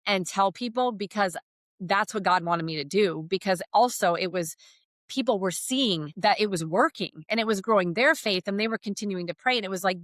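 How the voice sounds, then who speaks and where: A woman's voice: medium pitch, normal speed, fairly bright tone, no room sound. A middle-aged woman giving a heartfelt faith testimony as a podcast guest, telling her story earnestly.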